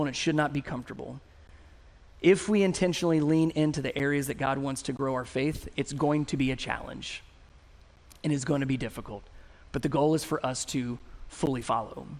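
A middle-aged man preaching a sermon as a pastor, telling stories with animated, self-mocking humor. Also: mid-range voice.

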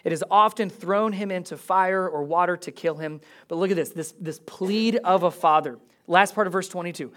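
A man delivers a sermon to his congregation. He reads a scripture passage aloud, then explains it in a relaxed, conversational way. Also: sits high, moderate pace, hardly any pauses. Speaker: pastor.

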